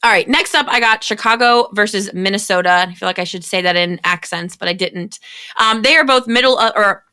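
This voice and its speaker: A woman's voice: mid-range voice, brisk, bright, forceful tone, smooth. A woman co-hosting a fantasy football podcast, easygoing as she walks through matchups in casual chat.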